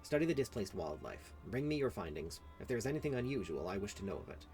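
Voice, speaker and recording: Orwenna, a man voicing a calm, measured elf. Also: on the low side, faint music behind.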